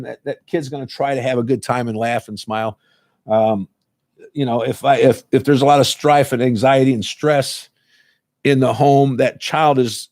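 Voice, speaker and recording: A man's voice: mid-range voice, darkish tone, no echo, studio quality. A man who teaches a laughter club, talking earnestly and casually and repeating words as he goes. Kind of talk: casual talk to camera.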